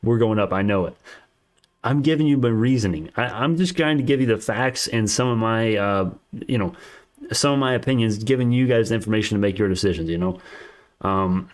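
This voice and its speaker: A man with a fairly low voice runs a casual stock market livestream, reading and answering chat. He argues his points heatedly and keeps restarting his sentences. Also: fairly quick. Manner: argumentative, restarts sentences often.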